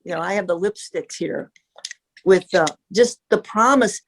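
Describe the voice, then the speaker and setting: A woman's voice: fairly low pitch, moderate pace, a little hiss or hum. A woman in her seventies from the US Midwest, reminiscing in casual conversation as a guest and gushing, often breaking off mid-sentence. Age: 70s.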